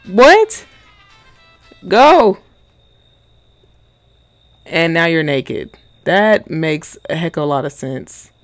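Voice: mid-range voice, no echo. A person giving casual, playful commentary while playing a video game, cracking jokes and talking back to the characters in slang. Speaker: gaming channel host.

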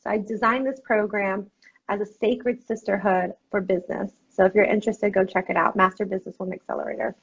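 A woman's voice: mid-range voice, fairly even intonation, fast talker, vocal fry, husky. A woman business coach, a guest on a podcast, speaking passionately and upbeat with frequent "like"s. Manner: passionate, upbeat, uses "like" often. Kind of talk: casual interview chat. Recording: dull, muffled audio.

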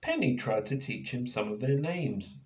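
A man reading his picture book aloud to children in a playful, expressive way, now and then turning to ask them questions. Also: medium pitch, normal speed. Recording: echoey room.

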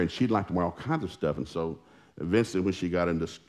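A man with a deep, low voice preaches in a church, spinning family stories in a folksy, animated style. He acts out the quoted lines as he goes. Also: fast talker. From Oklahoma. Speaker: pastor. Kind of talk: storytelling sermon.

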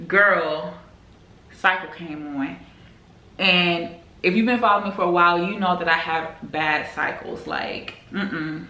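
A woman's voice: on the low side, moderate pace, sharp tone. A young woman chatting casually to camera at home, full of "like" and "girl" as she talks to her viewers. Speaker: vlogger. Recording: echoey room.

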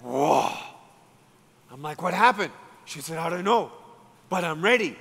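Give me a male evangelist with an Australian accent, storytelling in a sermon, high-pitched and ringing with hall reverb. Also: expressive, a little slow, vocal fry, breathy edge. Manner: storytelling preacher, acting out dialogue, building to loud climaxes.

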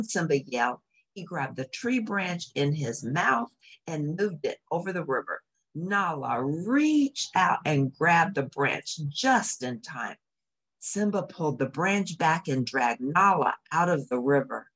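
A woman reading a children's storybook aloud with an expressive, animated delivery. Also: low-pitched, measured pace.

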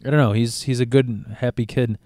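A man in his thirties rambles through a casual podcast chat, swearing freely and restarting his sentences. His voice sits at a middle pitch. The recording is dry and close, with no room sound. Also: fairly even intonation, fairly quick, warm tone, no echo. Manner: rambling, profane, frequent restarts. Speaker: podcast co-host, a father.

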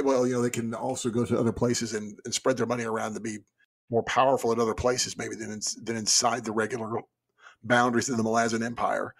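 Husky guy on a book podcast, rambly and animated, keeps restarting his sentences. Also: mid-range voice. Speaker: podcast co-host. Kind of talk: casual chat.

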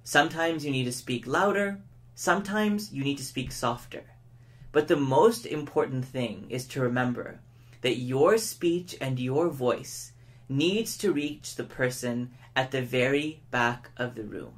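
A man giving a public speaking lesson, who shows each point by speeding up, slowing down and shifting his tone of voice. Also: medium pitch, expressive. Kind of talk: educational lesson to camera.

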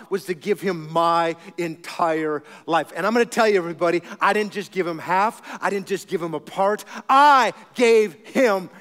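A man pastor preaching a sermon, telling stories with animated humor. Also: high-pitched, in a large hall.

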